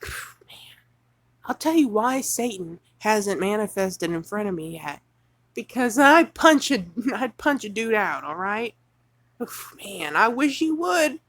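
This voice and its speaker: A woman's voice: mid-range voice, sing-song, takes it slowly, fairly bright tone, dry recording. A woman ranting furiously off the cuff on a livestream, reading news excerpts aloud and mocking them. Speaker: livestream host.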